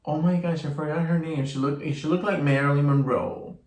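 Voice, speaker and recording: Easygoing higher-voiced man, echoey room. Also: steady tone, fairly quick, a little mellow. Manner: easygoing, reads product details aloud. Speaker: co-host of a beauty vlog. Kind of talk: casual chat.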